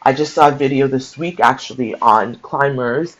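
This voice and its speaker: A man's voice: mid-range voice, normal speed, fairly bright tone. Man reading a book aloud with heartfelt asides. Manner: conversational, mixes reading aloud with emotional asides. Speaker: book-share host. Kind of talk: casual book reading with commentary. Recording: dull lo-fi sound.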